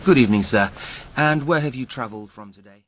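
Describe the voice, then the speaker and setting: A man's voice: mid-range voice, quick pace, no room sound, natural voice. A man playing a polite airport immigration officer in a scripted dialogue for learners, speaking formally and courteously.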